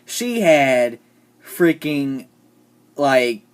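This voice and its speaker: A vlogger ranting casually about TV characters, opinionated and sarcastic, often trailing off into quiet asides. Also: mid-range voice, big pitch swings, very slow. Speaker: TV show reviewer.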